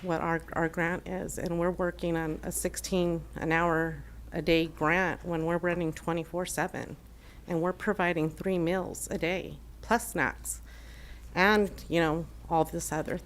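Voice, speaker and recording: A woman's voice: on the low side, level tone, unhurried. A woman giving an earnest, emotional public comment at a city council meeting, with many fillers and restarts. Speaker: shelter program manager giving public comment. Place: council chamber.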